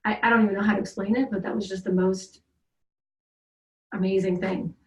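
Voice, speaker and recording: A woman's voice: mid-range voice, steady tone, fairly quick. A middle-aged woman tells a long family story in a loose, rambling way and keeps restarting her sentences. Her voice sits mid-range, and the room adds a noticeable echo. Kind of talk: casual conversation. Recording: roomy echo.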